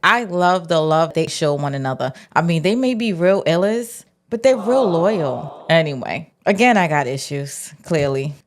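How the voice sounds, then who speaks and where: A woman, giving a casual, animated recap of a TV episode and acting out the characters' lines. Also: deep voice, normal speed, hardly any pauses. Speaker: TV recap vlogger.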